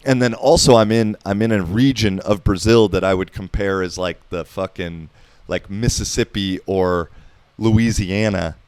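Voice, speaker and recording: A man's voice: on the low side, a little mellow, smooth, dry recording. Laid-back American man in his thirties. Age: 30s. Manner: laid-back, profane, heavy on filler words. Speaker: podcast host. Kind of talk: casual rambling monologue.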